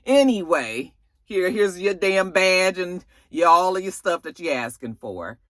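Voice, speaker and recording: A man doing a shrill, defiant woman investigator. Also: sing-song, measured pace, sharp tone, no echo, studio quality, exaggerated voice.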